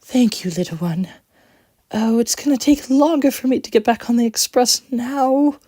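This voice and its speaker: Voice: medium pitch, animated, moderate pace, dark tone, no room sound, clean studio sound, pitched above the performer's own voice, natural voice. A storyteller voicing a prim, offended female passenger coach who talks in a haughty, scornful way.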